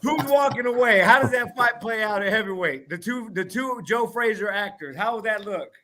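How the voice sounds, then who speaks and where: A man co-hosting a podcast with a high, bright, forceful voice. He asks his questions with enthusiasm and laughs along with his guest. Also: moderate pace. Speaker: podcast co-host. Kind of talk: podcast interview, casual chat.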